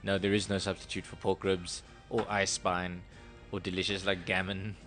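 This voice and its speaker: Jokey radio guy, bright punchy voice, keeps laughing. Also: deep voice, flat delivery, moderate pace, faint music behind. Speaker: radio show co-host. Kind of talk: casual banter.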